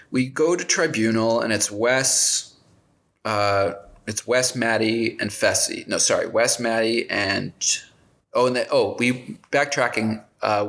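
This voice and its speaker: A man's voice: fairly low pitch, gravelly, a bit bright. A man co-hosting a casual chat, recapping a show in a rambling, wry way and often correcting himself. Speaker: podcast co-host.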